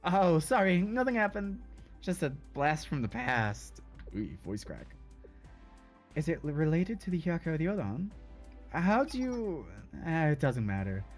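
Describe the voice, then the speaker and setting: A man's voice: on the high side, very animated, unhurried, soft background music. A man voicing a prickly, proud schoolgirl who gets snappish and defensive while reading a game's dialogue aloud. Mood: deflecting. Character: prickly proud schoolgirl hiding her hurt.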